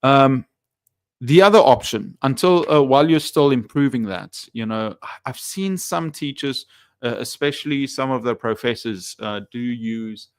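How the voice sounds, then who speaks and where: A man's voice: medium pitch, expressive, moderate pace, no room sound. Male English teacher, live-stream host, rambling casual delivery with lots of fillers, dry close sound. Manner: rambling, many fillers and restarts, reads viewer comments aloud.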